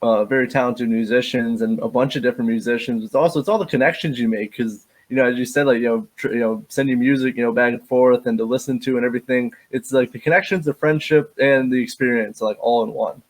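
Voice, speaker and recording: Halting young male interviewer. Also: medium pitch, fairly even intonation. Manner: halting, restarts phrases, enthusiastic responses. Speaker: host. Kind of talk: casual interview chat.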